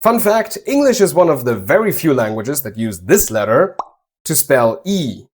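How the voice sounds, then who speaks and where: This is a native German speaker leading a scripted pronunciation lesson. The delivery is animated, with pitch swinging widely, and it slows down to model each sound clearly. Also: noisy background. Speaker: language teacher.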